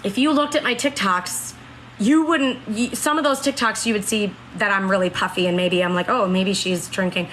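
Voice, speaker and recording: Woman, late thirties, bright, clear tone. Casual live-stream chat answering viewers, earnest, faint background hiss. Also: medium pitch, normal speed, rough recording. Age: 30s. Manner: earnest, reads and answers comments.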